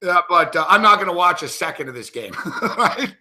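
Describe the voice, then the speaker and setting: Bright-voiced ranting male sports host. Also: high-pitched, animated, fairly quick. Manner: profane, ranting, worked up. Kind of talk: casual sports betting chat.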